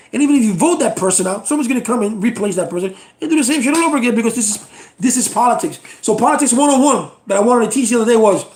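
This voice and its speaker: A middle-aged man from the United States rants about politics to his viewers. His voice sits high for a man and has a gravelly rasp. He talks bluntly, sounds exasperated and swears freely. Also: darkish tone, roomy sound, a little hiss or hum. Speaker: channel host. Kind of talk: political rant to camera.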